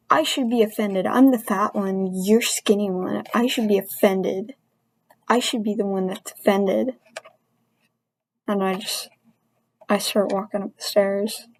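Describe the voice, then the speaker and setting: A woman's voice: medium pitch, fairly even intonation, dry recording, poor audio. A woman in a mid-range voice rants to camera about something that upsets her. She sounds frustrated and earnest, often stopping and restarting her sentences. The recording is dry and close, with no room sound. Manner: frustrated, venting, halting restarts. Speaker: vlogger. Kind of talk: personal rant to camera.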